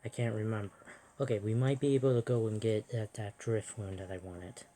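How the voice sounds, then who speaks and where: A soft-spoken person musing aloud while playing a video game, often self-deprecating. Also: medium pitch, steady tone, fairly quick, slight background noise. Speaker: let's play host.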